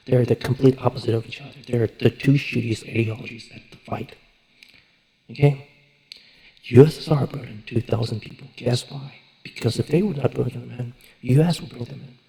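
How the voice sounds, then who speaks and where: Gravelly, husky man ranting sarcastically. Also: mid-range voice, dark tone, poor audio. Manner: swearing, sarcastic, exasperated, rambling with restarts. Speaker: online show reviewer. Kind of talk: casual ranting review.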